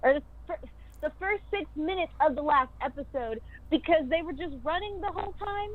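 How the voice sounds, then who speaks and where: Over tinny, phone-like remote audio, a voice actress giggles her way through a casual video call podcast chat, acting out her character's lines with bubbly energy. Her voice is high-pitched and a little fast.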